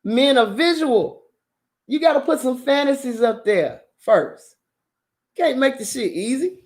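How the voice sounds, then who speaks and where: A woman's voice: high-pitched, a little slow. Blunt, profane woman giving dating advice. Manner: blunt, profane and animated, laughs often. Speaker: host. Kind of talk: casual dating-advice talk to viewers.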